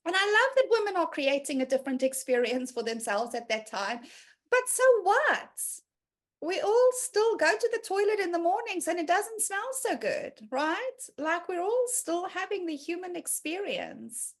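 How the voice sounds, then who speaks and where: A woman's voice: extremely high pitch, very animated, moderate pace. A woman hosting a candid motivational group talk, frank and earthy, laughing easily. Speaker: host.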